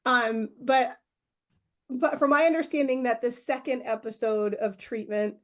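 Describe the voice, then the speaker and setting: A woman's voice: fairly high pitch, fairly even intonation, a little slow. A woman interviewing a guest, asking questions in a friendly, conversational way. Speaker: podcast interviewer.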